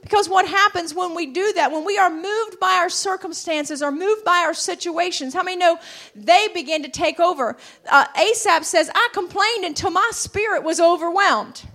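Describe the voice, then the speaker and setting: High-voiced woman preaching. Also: moderate pace. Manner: rising to shouted fervor, calls of hallelujah. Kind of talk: sermon.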